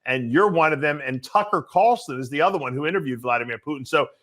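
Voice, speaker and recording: Fast-talking male podcast host. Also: fairly high pitch. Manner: fast, animated, repeats words when restarting. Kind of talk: casual podcast chat. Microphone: video call podcast.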